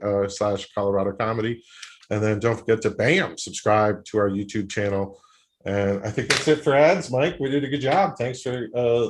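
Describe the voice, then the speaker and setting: A man hosting a comedy show over a video call, chatting loosely with plenty of fillers. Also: mid-range voice. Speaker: show host. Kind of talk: casual emcee chat.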